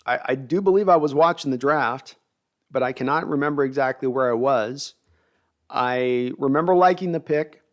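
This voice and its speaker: A middle-aged man hosting a live sports draft stream, reading viewer comments and talking in an animated, rambling way. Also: medium pitch, moderate pace, highs cut off. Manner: animated, hyped, rambling with restarts.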